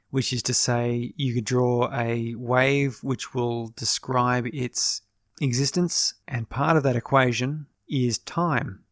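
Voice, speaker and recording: A man hosting his own podcast, talking through ideas in a casual, reflective monologue and often pausing to correct himself. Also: mid-range voice, dry recording, clean studio sound. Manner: thoughtful, explanatory, restarts and self-corrections.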